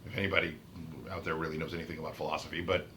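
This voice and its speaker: A man's voice: very deep voice, little pitch movement, racing, pushed and bright, slight background noise. A man ranting about his autism in an unscripted vlog, heated and emphatic, repeating and restarting his phrases. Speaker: autistic vlogger. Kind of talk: unscripted rant to camera.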